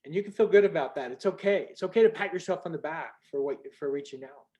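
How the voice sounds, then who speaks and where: An older man telling a personal story on a group video call in an earnest, conversational way, going soft at the moving parts. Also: fairly high pitch, quick pace. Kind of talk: storytelling talk.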